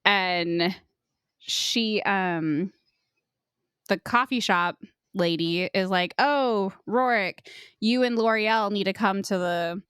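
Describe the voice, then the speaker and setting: A woman's voice: mid-range voice, takes it slowly, a bit bright, clear, resonant tone, dry recording, studio quality. A young adult woman co-hosting a podcast, retelling a book's plot in a chatty way full of "like" and quoted asides. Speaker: podcast co-host. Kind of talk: casual book discussion.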